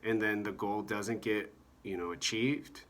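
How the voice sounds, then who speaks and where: A man giving a meandering monologue about comedy, halting often and filling gaps with "you know" and "like". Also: on the low side, fairly even intonation, a bit bright.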